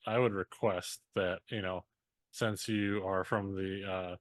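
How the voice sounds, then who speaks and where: A man's voice: sits low, fairly even intonation, unhurried, no echo. A man playing in an online tabletop game, joking and laughing often. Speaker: player. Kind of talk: casual tabletop game chat.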